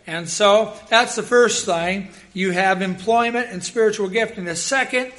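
A man preaching a sermon as pastor, telling personal stories in a lively way and bursting into loud acted quotes. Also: high-pitched, unhurried, few pauses.

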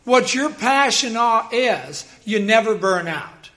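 A man preaching a sermon as pastor, telling personal stories in a lively way and bursting into loud acted quotes. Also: high voice, takes it slowly.

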